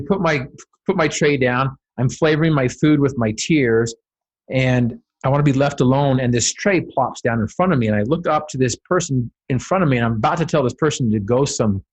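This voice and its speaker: Husky man telling a dramatic story. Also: mid-range voice. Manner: dramatic storytelling, builds to emphatic peaks. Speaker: podcast guest, motivational speaker. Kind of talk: storytelling on a podcast.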